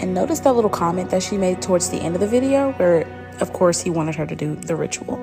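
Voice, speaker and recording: A woman's voice: fairly low pitch, animated, quick pace. Female commentary narrator, insinuating storytelling, music under the voice. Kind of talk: scripted narration.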